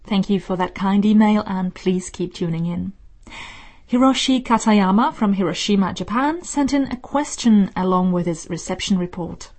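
A woman hosting a radio listener mail show, reading her script in a measured, explanatory way from a studio. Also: mid-range voice, darkish tone.

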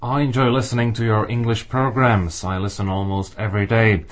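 A man reading listeners' letters aloud on a radio show in a steady, plain way. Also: fairly low pitch, a little fast.

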